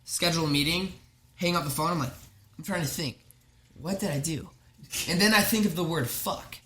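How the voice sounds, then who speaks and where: A man's voice: on the high side, brisk, a bit bright, reverberant, slight background noise. A young man telling a rambling college story in casual chat, swearing a lot and laughing along with himself. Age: young adult. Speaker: podcast guest.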